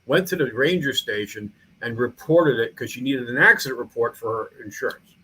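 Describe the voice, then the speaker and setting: A man's voice: mid-range voice, fairly quick, sharp tone, rough recording. Middle aged guy telling stories on a podcast, lots of restarts, bit of noise behind. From New York. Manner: rambling, frequent restarts and fillers. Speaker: museum founder and mayor. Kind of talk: casual podcast interview.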